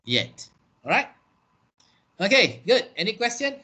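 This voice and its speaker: Slow-talking Malaysian English trainer, man. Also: high voice, big pitch swings, pushed and bright, slightly rough. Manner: slow, repetitive, checks understanding with "okay" and "eh". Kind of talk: online business writing class.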